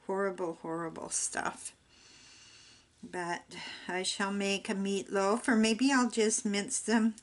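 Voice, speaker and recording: A woman's voice: medium pitch, fairly even intonation, slow pace. An older woman chatting in a rambling, homey way while she works on a craft project. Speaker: craft vlogger.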